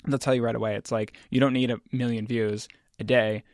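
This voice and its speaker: A man talks as a podcast guest in a mid-range voice, thinking out loud in a rambling, reflective way. He uses plenty of filler words, and the sound is dry and close. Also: medium pitch, level tone, brisk, no room sound. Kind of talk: casual chat.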